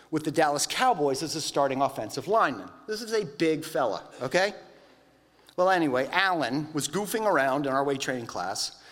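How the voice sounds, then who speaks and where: A man preaching a sermon, telling stories in a conversational, animated way. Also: on the high side, long reverb tail. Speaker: pastor.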